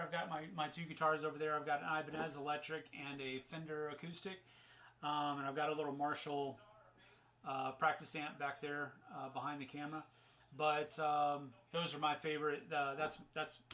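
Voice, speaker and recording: Guy hosting a live stream q&a, kinda high bright voice, lots of ums, gets hyped on the fun stuff. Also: low-quality recording. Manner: rambling, upbeat, many fillers and restarts; gets excited and emphatic on fun topics. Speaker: host answering viewer questions.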